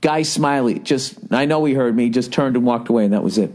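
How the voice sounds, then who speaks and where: A man's voice: medium pitch, a little fast, a little mellow. A man in his forties hosting a podcast, telling a comic story in a profane, exasperated, ranting way. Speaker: podcast host. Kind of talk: comedic storytelling monologue.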